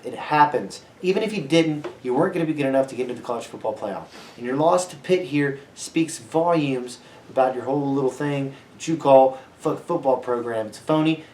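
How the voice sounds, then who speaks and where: A young man co-hosting a sports podcast, ranting loudly with plenty of swearing. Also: medium pitch, roomy sound, slight background noise. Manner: brash, ranting, heavy swearing. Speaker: podcast co-host. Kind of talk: profane sports podcast banter.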